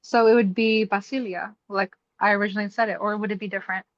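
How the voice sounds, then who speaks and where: A woman's voice: mid-range voice, fairly even intonation, fast talker, dry recording. Female student, tentative and questioning, muffled dry recording. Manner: tentative, thinks aloud. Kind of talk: asking questions in class. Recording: dull dry sound.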